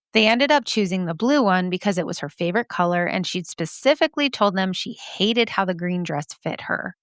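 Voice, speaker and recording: A woman hosting a podcast reads listener mail aloud, reacting in a chatty, emotional way, laughing often and swearing casually. Her mid-range voice has a fairly bright tone, and the studio-quality audio has no echo.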